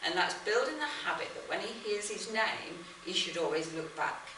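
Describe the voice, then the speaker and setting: Calm woman dog trainer, echoey distant sound. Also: moderate pace. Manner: calm explaining, breaking into high excited praise for the dog. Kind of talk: instructional demonstration. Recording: echoey, distant mic with background noise.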